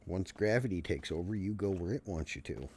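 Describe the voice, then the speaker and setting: Low-voiced man ranting casually. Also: animated, fairly quick, a little mellow, slight background noise. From Canada. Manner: rambling, swears freely, folksy ranting. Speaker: streamer. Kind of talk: casual chat while gaming.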